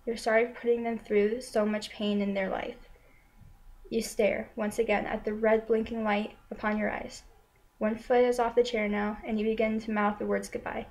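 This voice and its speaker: A woman telling a story in a slow, solemn, steady manner, returning again and again to the same short lines. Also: on the high side, poor audio. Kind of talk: spoken second-person narration.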